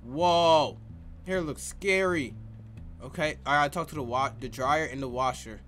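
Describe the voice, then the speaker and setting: A man giving excitable, joking gameplay commentary full of slang. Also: medium pitch, normal speed, soft background music. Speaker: gaming youtuber. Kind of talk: let's play commentary.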